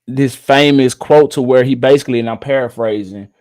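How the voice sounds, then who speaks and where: A man's voice: mid-range voice, brisk, a little mellow. A man hosting a casual livestream, giving blunt commentary, laughing often and mocking what he disagrees with.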